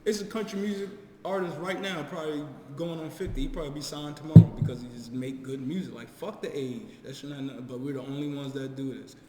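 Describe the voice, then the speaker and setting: A man's voice: on the high side, quick pace, few pauses. A man co-hosting a podcast, talking casually and emphatically with plenty of swearing. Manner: animated, emphatic, profane. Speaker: podcast co-host. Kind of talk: casual chat. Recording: echoey room with long reverb.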